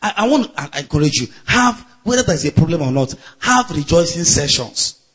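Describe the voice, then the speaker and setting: High, lively male preacher shouting with joy. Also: brisk, slightly rough. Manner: loud laughing and shouting, building to chanted refrains. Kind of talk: sermon.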